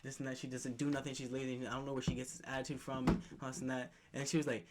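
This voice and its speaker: A young man co-hosting a podcast, retelling family quarrels in animated, laughing casual chat. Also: medium pitch, very fast, heavy background noise. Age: young adult. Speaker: podcast co-host.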